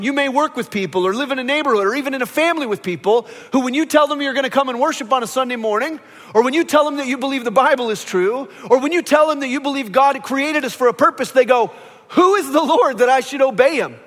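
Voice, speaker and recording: High-voiced pastor preaching in a reverberant hall. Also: male voice, quick pace. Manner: animated storytelling, acts out quoted voices. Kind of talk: sermon. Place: church sanctuary. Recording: long reverb of a large hall.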